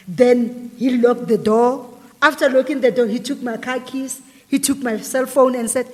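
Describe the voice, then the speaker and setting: A woman's voice: on the high side, fairly even intonation, moderate pace, darkish tone, in a large hall. A woman guest animatedly retelling a personal story in an interview, acting out the dialogue. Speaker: guest telling her story.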